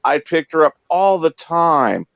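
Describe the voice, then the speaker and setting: A man's voice: on the high side, unhurried, creaky, no room sound. Guy rambling thru cab stories, does all the voices, kinda muffled lo-fi dry mic. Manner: animated, acts out dialogue in quotes. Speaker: co-host, former cab driver. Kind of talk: casual storytelling chat. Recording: dull lo-fi dry sound.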